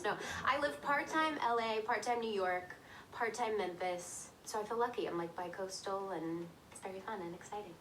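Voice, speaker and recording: A woman's voice: mid-range voice, normal speed. A young woman from Tennessee with a neutral accent, answering interview questions about herself in a breezy, self-deprecating way. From Tennessee, US South. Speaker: interviewed actress. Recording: distant clip audio, faint hiss.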